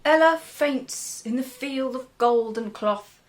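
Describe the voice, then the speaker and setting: Woman w a higher voice summing up a book, dry and sarcastic, super casual. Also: slow. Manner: sarcastic asides, dry humour. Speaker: book reviewer. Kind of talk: casual book review chat.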